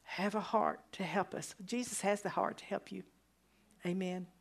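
A woman gives a sermon-style Bible teaching in a mid-pitched voice. She reads scripture slowly and with weight, then lifts her voice for emphatic declarations. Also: little pitch movement, creaky, husky. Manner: slow, emphatic scripture reading with rising exclamations.

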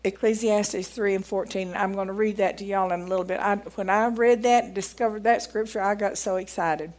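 A woman's voice: medium pitch, steady tone, fairly quick. A woman giving a folksy sermon, reading aloud from a book and growing emphatic as she preaches. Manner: folksy, grows emphatic and loud when preaching.

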